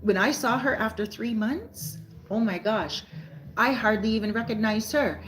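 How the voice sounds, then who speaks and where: A woman's voice: a little high, moderate pace, slight background noise, rough recording. Chatty woman telling a rambling story. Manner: chatty and rambling, often adds "right?" and "you know". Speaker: vlogger and soul coach. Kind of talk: casual storytelling to camera. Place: lives in a Caribbean beach town.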